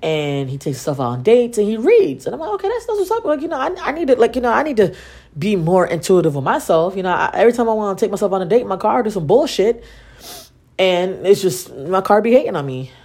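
A woman's voice: mid-range voice, big pitch swings, quick pace, darkish tone, slightly rough. A young adult woman hosting a podcast, telling stories in a casual, sarcastic, profane way and acting out the dialogue. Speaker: podcast host. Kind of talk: casual storytelling monologue.

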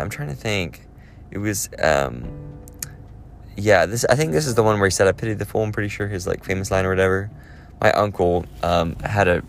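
A man chatting casually as a movie vlogger, rambling with lots of fillers and restarts. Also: low-pitched. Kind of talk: casual chat.

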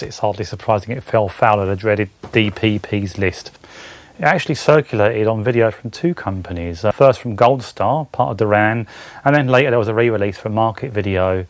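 A man reads scripted narration in a measured, dry way. The sound is close and dead, with no room echo around the voice. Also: medium pitch. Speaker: narrator of film segment.

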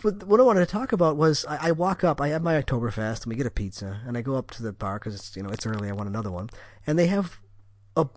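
A man's voice: mid-range voice, expressive, fast talker. A man from Wisconsin co-hosting a podcast, telling stories in a rambling, casual way with lots of restarts. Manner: rambling storyteller with frequent restarts. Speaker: podcast co-host. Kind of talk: casual chat.

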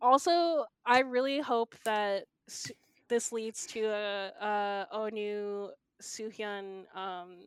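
A woman's voice: medium pitch, slow, clear, resonant tone. A woman co-hosting a podcast, chatting in a playful, jokey way. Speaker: podcast co-host. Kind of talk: casual chat.

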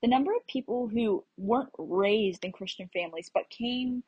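Young American woman, travel vlogger telling a casual story, slightly husky voice, dry close sound. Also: a little high, normal speed, no room sound, muffled recording. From United States. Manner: chatty, rambling with fillers and restarts.

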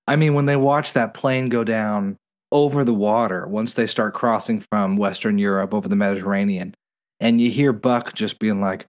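A man's voice: lowish voice, steady tone, normal speed. A man co-hosting a casual podcast, telling stories animatedly and slipping into playful voices. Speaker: podcast co-host. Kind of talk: casual TV recap chat.

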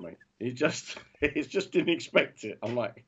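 A man's voice: medium pitch, very animated, a little slow, a bit bright, slight background noise. A man co-hosting a podcast, joking and chatting in a loose, laughing way. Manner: jokey, laughing, chatty, puts on voices in anecdotes. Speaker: podcast co-host. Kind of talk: casual banter. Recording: dull lo-fi recording.

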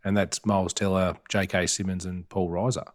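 Laid-back man, low voice. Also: normal speed. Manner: animated retelling, acting out scenes in quoted voices. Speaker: podcast co-host. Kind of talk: casual film discussion.

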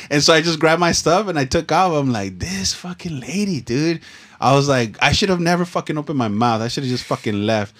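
A man's voice: on the high side, animated, fast talker, few pauses, fairly bright tone. A young man from Southern California, telling a rambling, profane story in casual chat full of slang and restarts. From Los Angeles, USA.

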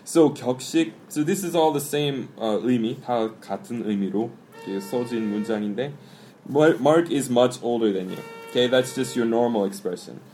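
A man hosting a casual podcast, explaining English expressions and switching into quick Korean. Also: medium pitch, dark tone, soft background music. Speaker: podcast host and English teacher. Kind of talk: casual bilingual language lesson.

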